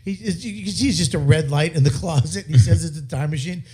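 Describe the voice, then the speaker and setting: A man's voice: a little high, quick pace, breathy edge. A man hosting a comedy podcast, telling stories with lots of laughter and bursts of silly put-on voices. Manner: animated storyteller, laughs often, jumps into silly put-on voices. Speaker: podcast host. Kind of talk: casual comedy banter.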